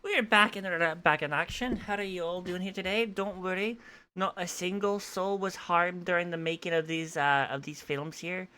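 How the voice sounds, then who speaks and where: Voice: medium pitch, fairly even intonation, normal speed, bright, forceful tone, clear, resonant tone. A game streamer chatting casually at home, rambling, laughing often and swearing offhand. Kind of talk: casual gameplay commentary. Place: home room.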